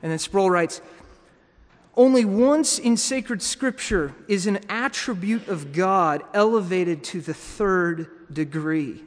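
A man's voice: high voice, slow, big-room sound. A man preaching a sermon in a teaching manner, often restarting and repeating words.

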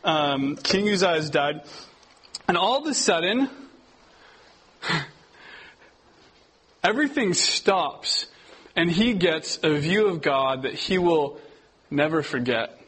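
A young man giving a casual, conversational sermon, often restarting his sentences and getting animated as he tells stories. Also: fairly high pitch, slow, pauses often, slightly rough, poor audio. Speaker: preacher. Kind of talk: casual sermon to a youth group.

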